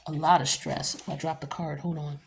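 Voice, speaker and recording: A woman's voice: low-pitched, little pitch movement, moderate pace, slight background noise. Blunt, slangy woman giving a tarot reading. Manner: chatty and blunt, loose slang and frequent cursing. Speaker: tarot card reader. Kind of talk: casual tarot reading to camera.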